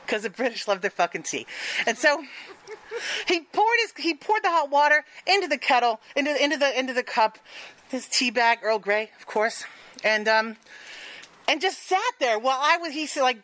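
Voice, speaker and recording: High, bright-voiced woman telling a frank story. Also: animated, normal speed, poor audio. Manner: frank, profane and laughing. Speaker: storyteller and show host. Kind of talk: live stage storytelling.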